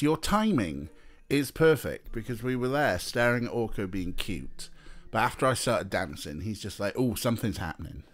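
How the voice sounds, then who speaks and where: A male streamer chats casually with his viewers in a very animated voice that swings high and low. He often slips into a high sing-song coo while he talks to his cats. Soft music plays quietly in the background. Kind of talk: casual livestream chat.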